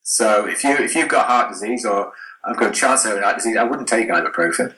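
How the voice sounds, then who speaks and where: A man's voice: fairly low pitch, expressive, fast talker, pushed and bright, reverberant, poor audio. A man, a doctor on a podcast, explaining frankly and plainly in conversation. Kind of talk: explanatory chat.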